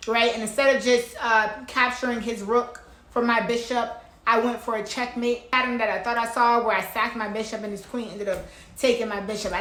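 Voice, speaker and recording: A woman talking casually through one of her own chess games, excited and repeating herself for emphasis. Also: fairly high pitch. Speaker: chess player. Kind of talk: casual chess vlog commentary.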